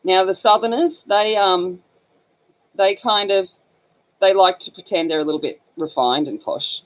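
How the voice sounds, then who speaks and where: Hosting a coloring livestream, a northern Australian woman with an Australian accent talks in a mid-range, scratchy voice at a measured pace. Her chat is casual and rambling, packed with fillers.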